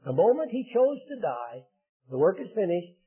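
An older man preaching a sermon in an earnest, emphatic way, building to loud declarations. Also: sits high, very animated, moderate pace, breathy edge. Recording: tinny phone-like band.

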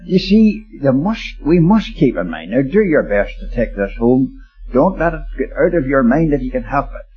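An older man preaching a sermon, earnest and exhorting, telling homely stories to press his point. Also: fairly low pitch. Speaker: lay preacher. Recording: dull lo-fi old tape recording.

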